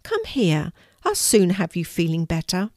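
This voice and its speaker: A woman reading a story gives voice to a friendly young man who cares for animals, speaking gently. The voice is lower than most women's, heard close and dry. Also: huge pitch swings, a little slow, no echo. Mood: gentle. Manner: gentle and warm.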